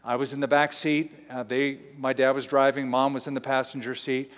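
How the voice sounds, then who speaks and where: A man's voice: medium pitch, flat delivery, fairly quick. Man preaching in a reverberant hall. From Southern California. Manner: conversational, storytelling with acted-out quotes. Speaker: pastor. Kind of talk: sermon.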